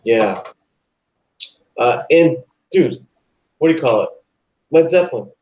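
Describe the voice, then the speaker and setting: Excitable rambling male live-show host. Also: medium pitch, slow, rough recording. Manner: excited, rambling, says like and dude a lot. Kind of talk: casual chat.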